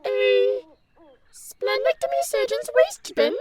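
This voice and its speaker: A woman voicing a hungover, sharp-tongued young woman in a mock-Shakespearean audio drama, speaking theatrically in archaic words. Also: very high-pitched, animated, takes it slowly, exaggerated voice. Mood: queasy bickering.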